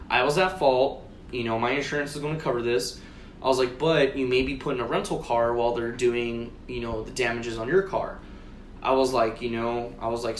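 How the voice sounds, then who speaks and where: A man co-hosting a podcast, telling a long story in casual chat, swearing and acting out both sides of a conversation. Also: mid-range voice. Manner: profane, rambling, retells conversations. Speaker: podcast co-host. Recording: roomy echo with faint noise.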